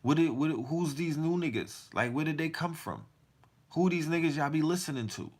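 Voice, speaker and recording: A man's voice: fairly high pitch, expressive, normal speed. A man hosting a podcast, delivering a heated, profane monologue full of rhetorical questions. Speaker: podcast host.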